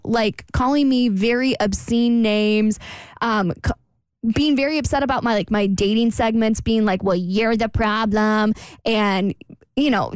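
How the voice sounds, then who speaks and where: A young woman co-hosting a radio show, talking in a loose, rambling way full of fillers. Her voice sits a little high. The studio sound is dry and close. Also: a little mellow, no echo. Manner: chatty, lots of "like" fillers, laughs often. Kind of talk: casual radio chat. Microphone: studio mic.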